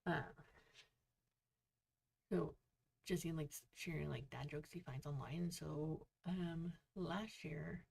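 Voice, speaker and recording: A woman's voice: low-pitched, steady tone, slow pace, gravelly, long pauses, darkish tone, breathy edge. A woman hosting a casual author livestream, chatty and telling jokes to viewers. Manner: chatty, joke-telling, reads viewer comments aloud.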